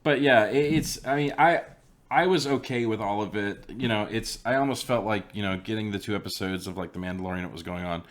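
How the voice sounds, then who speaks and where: A man's voice: on the low side, a little fast. A man co-hosting a casual chat, swearing freely and joking around. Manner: swears a lot, joking asides. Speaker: podcast co-host.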